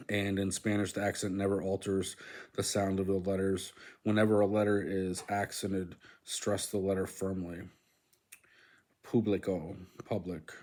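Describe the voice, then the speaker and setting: Slow, low-voiced man with many ums. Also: darkish tone. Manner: hesitant, many "um"s, repeats words to practice them. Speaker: host of a language-learning channel. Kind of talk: casual self-study walkthrough, reading aloud from a book.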